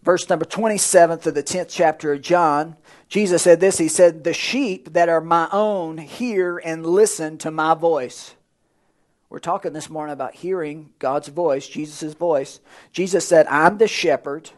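A man preaching a sermon to a church congregation, swinging from loud emphatic lines to hushed asides. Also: fairly high pitch, fairly even intonation, a little slow. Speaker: pastor.

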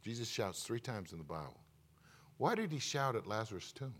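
Very animated and brisk, a middle-aged preacher questions his congregation while swinging from loud, emphatic declarations to hushed, intimate remarks.

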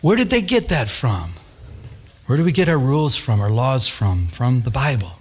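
A man preaching a sermon, telling a childhood story in an animated way and acting out the voices. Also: medium pitch, moderate pace, husky. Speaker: pastor.

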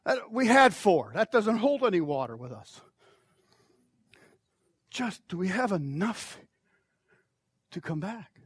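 A man preaching an altar call, impassioned, swinging from shouted pleas to near whispers. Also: high-pitched, sing-song, takes it slowly, long pauses, husky, no echo. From United States. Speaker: pastor.

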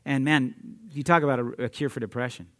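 A young adult man preaching a sermon in an energetic, conversational way, laughing often and talking straight to his listeners. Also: medium pitch, fairly quick. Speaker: preacher at a youth ministry.

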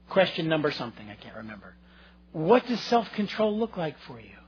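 A man's voice: a little high, big pitch swings, a little fast, dull audio, a little hiss or hum. A male pastor preaching a sermon, earnest and conversational, addressing his listeners directly.

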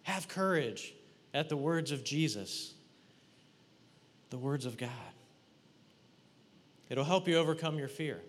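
A man delivers a lively sermon, walking his listeners through a scene they are asked to picture, teasing and questioning them as he goes. His voice sits a little high for a man, and it carries with a long reverb in a large hall. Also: slow, long pauses. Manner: animated, playful, addresses congregation directly. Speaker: preacher. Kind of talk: sermon with guided imagery.

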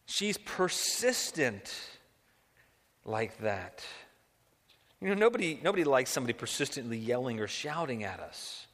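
A man's voice: medium pitch, big pitch swings, unhurried, a bit bright. A man preaching a sermon as a pastor, talking conversationally and acting out quotes. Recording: long hall reverb.

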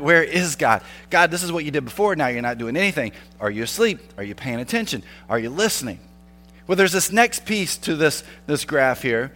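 A male pastor delivers a sermon in an earnest, conversational way, often turning to his listeners with rhetorical questions. His voice sits at an ordinary pitch for a man. A long reverb trails after his words, as in a large church sanctuary. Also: a bit bright.

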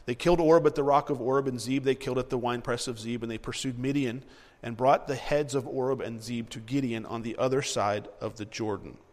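Animated preacher man in an echoing hall. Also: mid-range voice, a little fast. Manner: animated, repeats himself, acts out scenes. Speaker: preacher teaching a Bible passage. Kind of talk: sermon with verse reading.

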